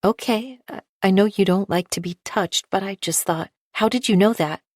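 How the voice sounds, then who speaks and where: A woman's voice: deep voice, normal speed, a little mellow, no echo, clean studio sound. A woman doing a folksy, tearful middle-aged aunt. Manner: calls people honey and sweetie.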